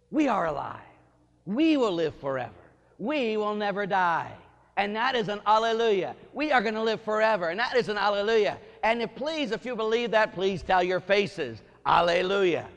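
A Catholic priest giving an Easter sermon, swinging from hushed, intimate questions to shouted bursts of joy. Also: male voice, high-pitched. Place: church. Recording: church hall reverb.

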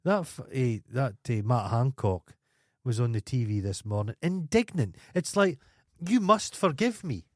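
A man's voice: medium pitch, lively intonation, moderate pace, darkish tone, no echo. A Scottish man in casual podcast chat. He rants and swears with real indignation, and his voice swings widely up and down. The sound is dry and close. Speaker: podcast co-host.

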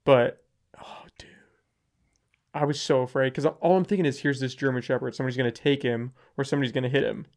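A man's voice: mid-range voice, quick pace. A young man hosting a podcast, telling a story animatedly and acting out what people said. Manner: animated storyteller, acts out quotes. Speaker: podcast host. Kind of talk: casual storytelling.

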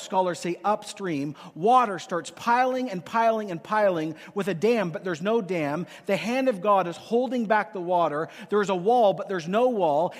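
High-pitched guy preaching a sermon, punchy repeats, reverby church hall. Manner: emphatic preaching with repetition, playful acted asides. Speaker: pastor.

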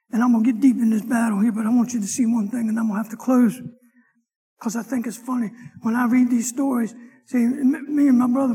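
A man, a deacon, teaching a Sunday Bible class in church, with an animated, folksy delivery and dramatic scripture reading. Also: extremely high pitch, husky, big-room sound.

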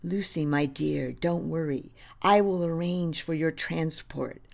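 A woman voicing an 18th-century American general who gives brisk, alarmed orders. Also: sits low, creaky, darkish tone. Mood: reassuring.

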